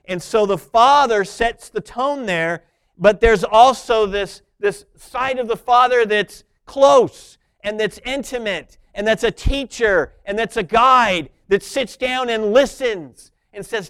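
A man preaching a sermon, moving between soft, intimate asides and loud, emphatic points. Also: sits high, unhurried, clear, resonant tone. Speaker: pastor.

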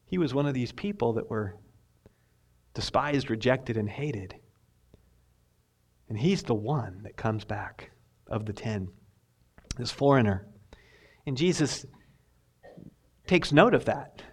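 A man preaching a sermon as pastor, telling the story vividly and swinging between loud emphasis and hushed asides. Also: mid-range voice, animated, takes it slowly, long pauses.

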